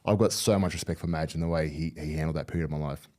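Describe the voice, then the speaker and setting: A middle-aged retired rugby league player, appearing as a podcast guest, tells candid, rambling stories and keeps restarting himself in this casual storytelling interview. His voice is extremely low and darkish, and he talks very fast in a steady tone.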